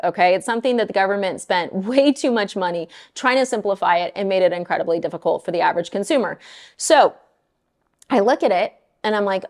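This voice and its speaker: A middle-aged woman who works as a mortgage lender chats casually with her viewers in a medium-pitched voice. She's blunt and animated, and she often sounds exasperated.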